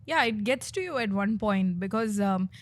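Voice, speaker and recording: A woman's voice: medium pitch, animated, moderate pace. A young woman, a comedian chatting as a guest and laughing often. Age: young adult. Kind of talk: casual interview chat.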